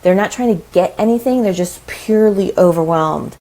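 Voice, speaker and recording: A woman in her thirties, a parenting coach talking in a casual interview, chatty and animated, often saying "like" and "right?". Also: medium pitch, normal speed, low-quality recording.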